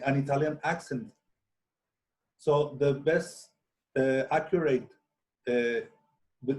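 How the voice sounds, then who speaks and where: Slow, hesitant man teaching. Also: fairly high pitch, darkish tone. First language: Spanish. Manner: slow, hesitant, many restarts and fillers. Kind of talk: software tutorial screencast.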